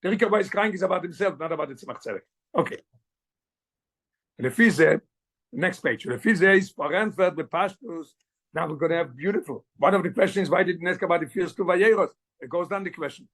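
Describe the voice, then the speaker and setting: A man, a rabbi, teaching a Torah class, explaining the text quickly and switching languages mid-sentence. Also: high voice, fairly bright tone, breathy edge. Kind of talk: Torah class, mixing English and Yiddish.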